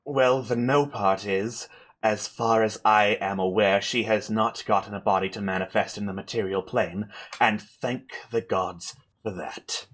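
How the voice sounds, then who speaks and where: A spent woman mage, voiced by a man, speaks low and quietly, worn out after a great spell. The voice is bright and clear despite the weariness. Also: steady tone, unhurried. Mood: weary.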